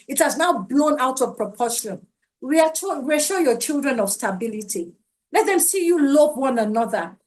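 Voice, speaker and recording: A middle-aged Nigerian woman giving a parenting webinar talk, emphatic and pleading with her listeners. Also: high voice. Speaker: parenting speaker.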